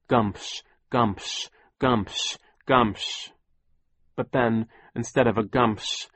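Low-voiced man reading a story aloud. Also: breathy edge, no room sound. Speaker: audiobook narrator. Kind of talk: scripted narration.

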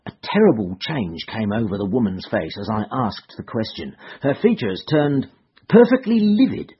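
A man narrating an old detective story in a husky, breathy voice, his pitch climbing and falling in a lively way. The recording is dull and lo-fi. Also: normal speed. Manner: expressive storytelling, raises pitch for quoted speech. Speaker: audiobook narrator. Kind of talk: scripted narration with character voices.

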